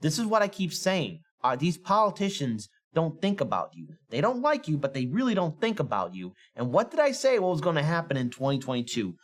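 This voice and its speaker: A man hosting a political commentary show, heated and mocking, often rising to near shouts. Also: fairly high pitch, big pitch swings, brisk, few pauses. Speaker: podcast host.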